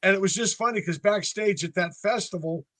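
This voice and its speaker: In a laid-back interview, a North Carolina, USA, frontman in his sixties spins chatty stories and voices other people's lines. He talks briskly in a high-pitched, slightly bright voice, recorded dry.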